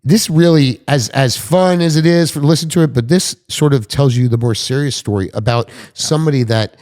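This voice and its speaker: Male podcast host, middle pitched, eager, jumps in with questions. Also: brisk, a little mellow. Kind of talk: casual interview chat.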